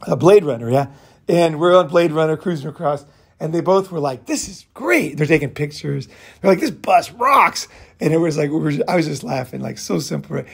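A man's voice: fairly high pitch, gravelly, a little mellow, breathy edge. A middle-aged man telling stories in a rambling casual monologue, full of fillers and swearing. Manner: rambling storytelling with frequent profanity and fillers. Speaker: podcast host.

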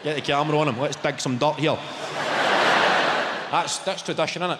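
A man's voice: on the high side, a little fast, long pauses, heavy background noise. A man with a Scottish accent doing brash, sweary stand-up comedy, mocking the crowd. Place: large comedy venue, on stage. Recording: live hall, roomy and reverberant. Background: audience laughter.

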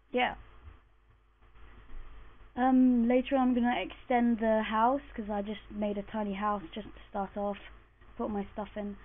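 A woman narrates her gaming session in a loose, chatty way, muttering and cursing under her breath. She sounds groggy and just woken up, and her slightly high voice comes through a thin, phone-like microphone. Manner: chatty, mutters and swears to herself while playing. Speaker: gamer commentating her play. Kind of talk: casual let's-play commentary. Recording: tinny lo-fi mic.

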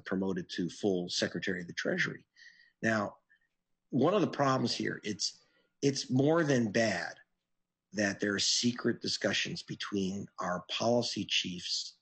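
A man answering interview questions as an investigative reporter, telling his story in an earnest, animated way. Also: creaky, husky. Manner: earnest, animated storytelling with sudden pitch jumps.

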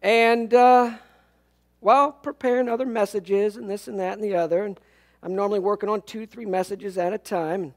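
High-voiced male pastor telling jokes. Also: steady tone, moderate pace, darkish tone. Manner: storytelling with jokes and acted-out quotes. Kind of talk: humorous sermon. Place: church sanctuary.

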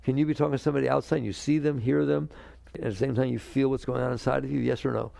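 A man giving a spiritual talk to an audience. He is animated, keeps asking his listeners questions, and acts out the inner voices he quotes. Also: medium pitch, racing, gravelly, dry recording. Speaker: spiritual teacher.

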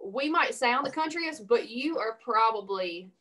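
Slow-drawling Louisiana woman. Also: a little high, lively intonation, sharp tone. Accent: Southern US, Louisiana. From Louisiana, USA. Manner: slow drawl, stretching words with extra syllables. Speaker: country singer guest. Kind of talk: casual radio interview chat.

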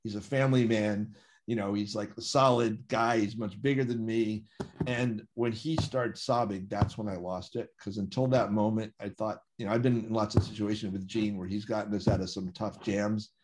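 Man, slightly low pitch, conversational storytelling, vivid and animated, acts out quotes. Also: normal speed. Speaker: photographer telling a story.

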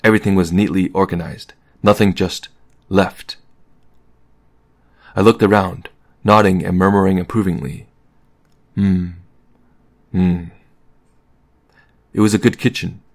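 Deep-voiced man reading a novel calmly. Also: moderate pace, pauses often. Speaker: audiobook reader. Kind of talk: scripted narration of a novel.

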